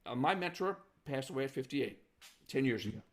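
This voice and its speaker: Male podcast host, gravelly, earnest encourager. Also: medium pitch, animated. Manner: earnest, encouraging, quick backchannels. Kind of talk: casual podcast interview.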